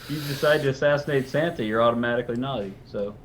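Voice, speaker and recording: A man's voice: mid-range voice, very fast, a loud crowd. A man playing a tabletop game, goofy and joking with the table. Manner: goofy, apologetic banter. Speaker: player.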